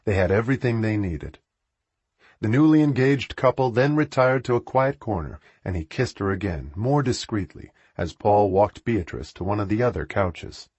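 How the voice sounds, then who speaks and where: A man narrating an audiobook in an expressive, animated reading. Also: lowish voice, moderate pace, breathy edge, no room sound. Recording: dull, dry recording.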